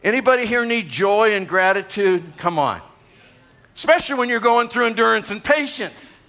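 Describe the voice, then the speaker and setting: Bright high-voiced older male pastor preaching. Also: animated, moderate pace. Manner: conversational preaching with asides and chuckles. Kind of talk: sermon. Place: church gathering.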